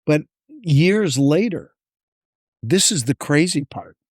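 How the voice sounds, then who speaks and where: A man's voice: a little high, takes it slowly, no room sound, clean studio sound. A man, a podcast guest, telling a long story in casual chat and acting out the dialogue as he goes. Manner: animated storyteller, acts out dialogue.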